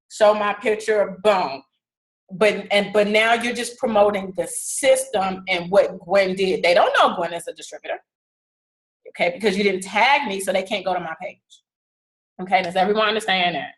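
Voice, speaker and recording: A woman's voice: mid-range voice, moderate pace, rough recording. A woman coaching her team in a casual, direct way, often stopping to ask "okay?". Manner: casual, direct, repeats "okay?" to check understanding. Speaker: fitness business team leader.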